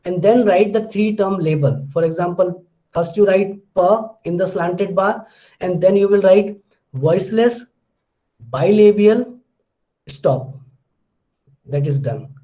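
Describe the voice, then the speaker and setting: High-voiced man giving a slow phonetics lecture. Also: warm tone. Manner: slow, repetitive explaining with many restarts. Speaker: linguistics lecturer. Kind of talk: recorded classroom lecture. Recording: dull lo-fi lecture recording.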